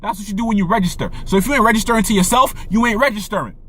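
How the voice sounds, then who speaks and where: A man's voice: sits high, racing, a bit bright. A young man delivering a preachy, profane monologue rant, full of repetition and rhetorical questions.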